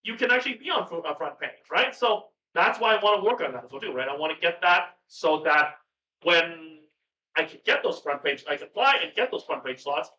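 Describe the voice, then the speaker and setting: A man in casual chat as a podcast guest, rambling and excitable, swearing now and then, on a video call. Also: a little high, a little fast. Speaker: podcast guest, cooking streamer. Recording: far-off, roomy, dull sound with hum.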